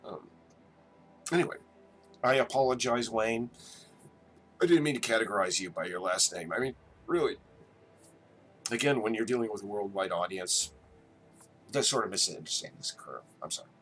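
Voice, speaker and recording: A man's voice: lowish voice, lively intonation, moderate pace, pauses often, a bit bright, faint music behind. A man from New Jersey hosting a casual live chat, rambling and stammering as he answers viewers. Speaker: livestream host.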